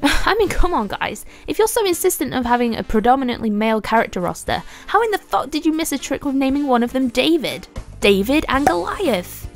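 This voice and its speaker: High-voiced woman ranting thru a game review, sarcastic, swears a lot, faint music under her. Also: big pitch swings, fairly quick. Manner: sarcastic and exasperated, swears freely.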